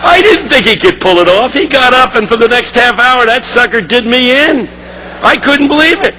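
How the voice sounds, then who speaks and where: An older man preaching with impassioned energy, his voice climbing from storytelling into shouts. The pitch sits very high and moves in lively swoops. The tone is bright and ringing. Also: moderate pace, a little hiss or hum, rough recording. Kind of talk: sermon.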